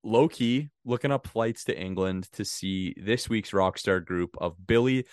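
A man with a low voice trades jokes on a casual podcast, laughing often and cursing freely. The sound is dry and close to the mic, with no room around it. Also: a little slow, no room sound. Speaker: podcast co-host.

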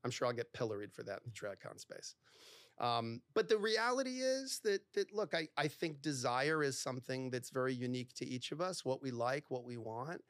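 A man, a divorce lawyer, talking candidly as a podcast guest, animated and acting out the dialogue in his stories, with lots of "like". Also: mid-range voice, moderate pace, dry recording, studio quality. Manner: animated storyteller who acts out quoted dialogue, heavy use of "like".

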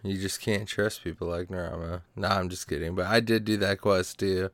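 A man's voice: sits low, steady tone, normal speed, fairly bright tone, no echo. A man co-hosting a casual gaming podcast, upbeat and joking as he chats and reads a sponsor spot. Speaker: podcast co-host.

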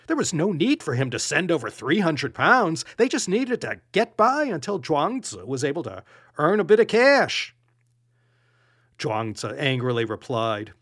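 Lively, animated male podcast storyteller. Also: a little high, a little slow, slightly rough, no echo, clean studio sound. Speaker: podcast host.

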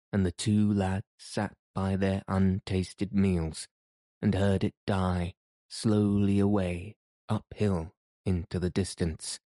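With a low-pitched voice, a man narrates an audiobook in an even, measured storytelling style. There's no room sound, and the quality is that of a studio.

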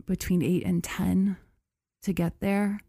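A woman tells a story on a podcast in a loose, chatty way, full of "like" and "you know". Her voice sits a little low and sounds mellow. The recording is close and dry. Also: steady tone, slow pace, gravelly, breathy edge, no room sound. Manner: chatty, lots of "like" and "you know", laughs often. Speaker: podcast host. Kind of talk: casual storytelling chat.

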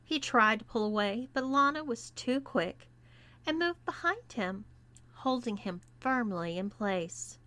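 Slow, bright-voiced woman narrator. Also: a little high, lively intonation. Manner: slow and deliberate. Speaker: erotica reader. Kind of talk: scripted story narration.

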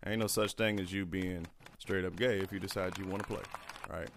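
A man co-hosting a podcast, talking in loud, profane, laughing banter. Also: low-pitched, steady tone, a little fast, gravelly, slight background noise. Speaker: podcast co-host. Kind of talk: casual chat.

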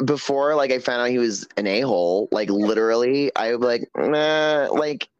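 A man guesting on an interview show, telling stories in a sassy, animated way with lots of quoted dialogue. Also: mid-range voice, normal speed, clear, resonant tone, dry recording, lo-fi sound. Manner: sassy storytelling, animated quoting. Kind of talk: casual chat.

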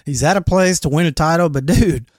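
A man's voice: fairly high pitch, fairly quick, no room sound, studio quality. A man co-hosting a casual sports podcast, talking loosely with profanity and frequent laughs. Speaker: podcast co-host.

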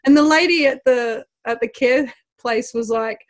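A high-pitched woman telling a funny family story in a loose, chatty way. She laughs often and trips over her own sentences as she goes. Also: normal speed. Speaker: guest, athlete and mother. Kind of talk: casual podcast chat.

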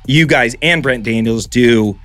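Animated, swearing podcast host. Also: male voice, medium pitch, a little slow, faint music behind. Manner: animated storyteller, swears freely. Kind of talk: casual podcast conversation.

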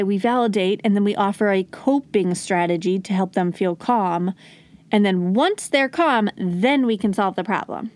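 A woman hosting a podcast, explaining parenting ideas calmly and modeling gentle phrases to say to small children. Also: a little high, no echo. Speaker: podcast host. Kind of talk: solo parenting advice talk.

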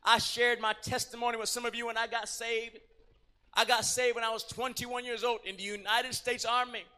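High-voiced, bright preaching pastor. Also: male voice, level tone, moderate pace, big-room sound. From Puerto Rico. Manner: dramatic storytelling, acting out scenes, rising to shouts. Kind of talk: sermon. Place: church.

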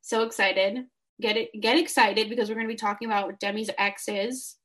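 Young woman cohosting a fan podcast, excitable, laughs a lot, chatty. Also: mid-range voice, normal speed, over a noisy crowd. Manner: animated, gushing, laughs often. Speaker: podcast co-host. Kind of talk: casual fan podcast chat.

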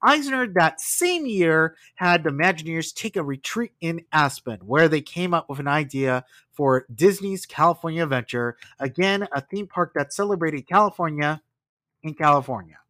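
A man's voice: on the high side, moderate pace, no room sound. A man hosting a podcast, narrating history casually with wry asides. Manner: animated storytelling with asides and laughs. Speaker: podcast host.

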